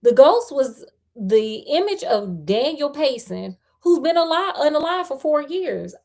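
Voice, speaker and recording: A woman voicing a gallant, earnest young gentleman in a storybook reading. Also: sits high, sing-song, unhurried, voice pushed up, heavily acted.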